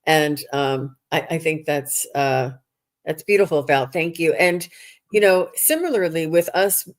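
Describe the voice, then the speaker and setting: Woman host, lowish voice, reflective and halting, casual spiritual chat. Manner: reflective, halting with many restarts.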